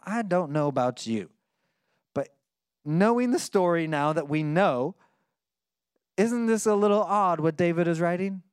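A man preaching a conversational sermon to his church, dropping soft and intense when he reads scripture. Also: sits high, expressive, measured pace, pauses often, clear, resonant tone, no room sound, clean studio sound. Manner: playful mock voices in asides. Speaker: pastor.

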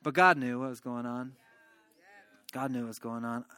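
A man preaching a sermon as a pastor, telling a story in an animated way and tossing in "right?" asides. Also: medium pitch, moderate pace, smooth.

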